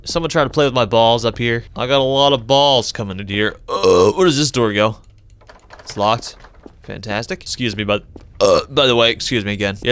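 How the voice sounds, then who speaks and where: A young man doing let's-play commentary on a horror game, joking and swearing, with sudden high yelps when startled. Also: fairly bright tone, smooth. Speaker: gaming YouTuber.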